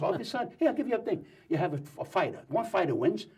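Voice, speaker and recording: A man talking as a guest on a talk show, telling jokes and opinions in a rapid, wisecracking way. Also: a little high, expressive, gravelly, darkish tone, breathy edge. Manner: rapid, joking, wisecracking storyteller. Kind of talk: animated talk show banter.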